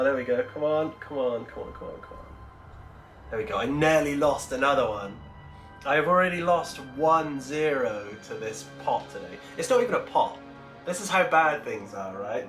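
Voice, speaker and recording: A man's voice: medium pitch, fairly bright tone, reverberant. A man hosting a casual livestream while painting miniatures, chatty and rambling as he answers his chat, speaking into a Bluetooth microphone.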